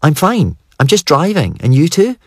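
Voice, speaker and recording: Male narrator doing a firm young woman, brisk and urgent, lifted voice, storybook. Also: a little high, huge pitch swings, husky, dry recording, studio quality, voice pushed up, heavily acted.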